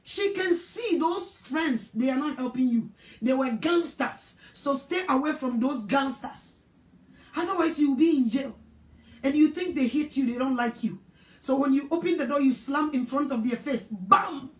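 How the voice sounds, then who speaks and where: Ghanaian woman evangelist, high voice, scolding sermon, echoey room. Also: moderate pace. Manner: scolding, emphatic preaching.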